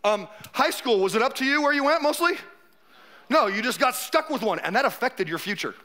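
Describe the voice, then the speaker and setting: A pastor in his forties preaching a loose, joking sermon. His voice sits very high for a man and rings bright and forceful. He keeps slipping into playful little acted-out scenes. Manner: conversational, joking, acts out quotes.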